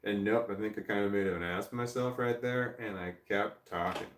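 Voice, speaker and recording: A man's voice: lowish voice, normal speed, reverberant, distant mic, slight background noise. A man hosting a casual livestream from a chair indoors, rambling and self-deprecating as he answers chat. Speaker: livestream host. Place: indoor room, seated in a creaky chair.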